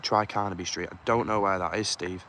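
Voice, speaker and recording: A man with a fairly low voice streams live from an outdoor car park, holding his phone. He chats in a hushed, conspiratorial way and reads viewers' comments aloud. Urban noise and passing vehicles sit clearly behind him. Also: fairly even intonation, brisk. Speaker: livestreamer.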